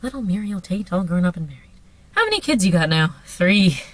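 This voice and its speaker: A woman reading a smooth-talking male film producer's cue lines in a lower, quicker voice during a rehearsal in her car. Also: sing-song, no room sound. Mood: eager. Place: front seat of a car.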